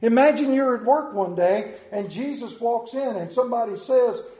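A man preaches with rising feeling, his voice pitched high and swinging widely up and down. He stumbles and repeats words as he gets carried away. The sound rings around a reverberant room. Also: lively intonation, mellow. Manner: emotional, halting, repeats words. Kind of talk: sermon.

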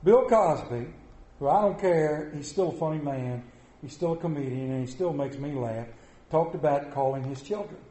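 High-voiced preacher in an echoey church. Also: male voice, expressive, normal speed. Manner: storytelling, swinging between soft and loud. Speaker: pastor. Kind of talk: sermon.

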